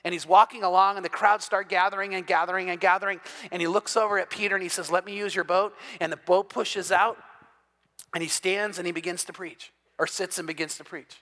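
A man preaching an evening sermon as pastor, retelling scripture in a lively storytelling way and growing loud and emphatic at key points. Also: high voice, brisk. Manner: builds from quiet to loud, emphatic.

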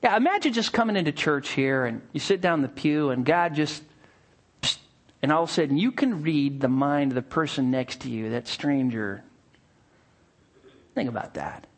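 A male pastor delivers a sermon in a lively, sing-song voice that climbs and dips widely. He drops to near-hushed asides, then bursts out excitedly. He acts out little scenes with playful voices. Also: on the high side, normal speed.

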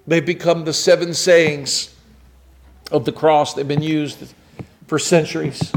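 A man preaching a sermon, building up to loud, rising emphasis and then dropping to a hushed, quiet delivery. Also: fairly high pitch, steady tone, takes it slowly, pauses often, noisy background. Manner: dramatic, swelling to loud emphasis and dropping to near whispers.

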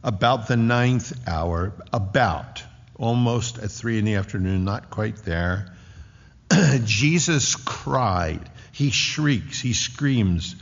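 A man preaching a sermon with a dramatic delivery, rising to loud declarations and dropping to hushed tones. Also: fairly low pitch, animated, slow pace, vocal fry. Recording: dull lo-fi recording in a reverberant hall.

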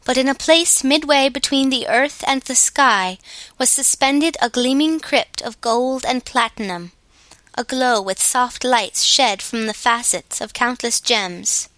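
A woman reading a storybook aloud as an audiobook narrator, steady and clear. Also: fairly high pitch, measured pace, no echo. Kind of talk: scripted narration.

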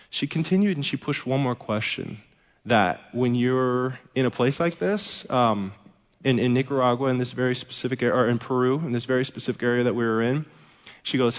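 A man's voice: mid-range voice, brisk. A man preaching a sermon as a pastor, telling a story with humor. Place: church sanctuary. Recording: echoey hall reverb.

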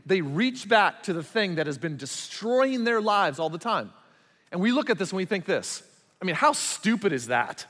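High-voiced preaching man in a reverberant hall. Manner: animated preaching, swings from loud emphatic to quiet and slow. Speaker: pastor. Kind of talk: sermon.

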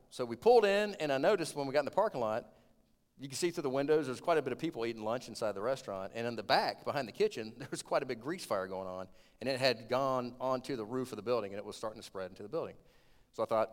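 A man, preaching a sermon as a lively storyteller who gets loud when retelling scenes. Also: medium pitch, fast. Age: 20s. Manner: storytelling, animated, rising to shouts in retold scenes. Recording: long hall reverb.

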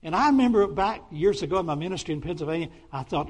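A middle-aged man preaches as a Baptist pastor, his voice sitting a little high. He swings into sudden excited bursts and stumbles through restart after restart as he works his way to each point. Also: brisk, few pauses, slightly rough. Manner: animated, with sudden excited outbursts and many restarts. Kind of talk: sermon.

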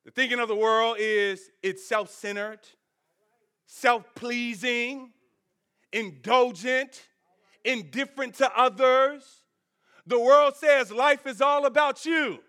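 A male pastor preaching a sermon in an animated, conversational way, calling out to the congregation. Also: extremely high pitch, measured pace, clean tone.

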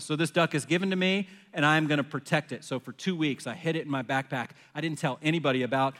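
A man in his forties preaching a sermon, telling a personal story in an animated way and acting out his own panicked phone call. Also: a little high, fast, hardly any pauses. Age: 40s. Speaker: pastor. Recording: long hall reverb.

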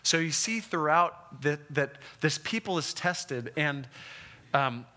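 A man teaching a Bible lesson in a lively, conversational way, checking in with his listeners. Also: fairly high pitch, slow pace. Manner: animated, acts out the Israelites' complaints. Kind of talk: classroom Bible lecture.

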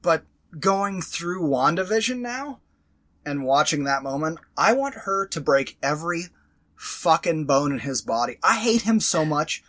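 A man co-hosting a casual podcast chat, animated and swearing freely as he acts out scenes. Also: sits high. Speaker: podcast co-host.

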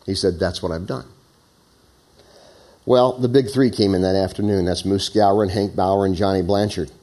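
A middle-aged pastor delivers a sermon, weaving together stories and scripture at normal speed with fairly even intonation. He sinks to a hushed, low voice, then rises high and loud to hammer a point home.

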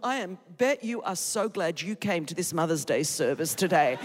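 A woman in her fifties with an Australian accent, preaching an energetic, joking sermon to a church congregation. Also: lowish voice, normal speed, hardly any pauses. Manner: exuberant, joking, emphatic. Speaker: guest preacher. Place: large church auditorium. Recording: reverberant church hall.

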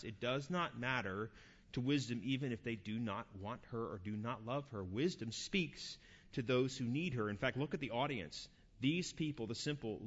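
Male pastor, mid-range voice, earnest sermon delivery with forceful peaks; muffled lo-fi recording. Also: medium pitch. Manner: earnest, rising to forceful emphasis; repeats and restarts words.

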